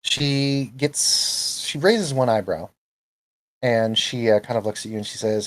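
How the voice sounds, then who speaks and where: A man's voice: mid-range voice, measured pace, poor audio. A man narrating a tabletop game as game master, in a casual, hesitant way.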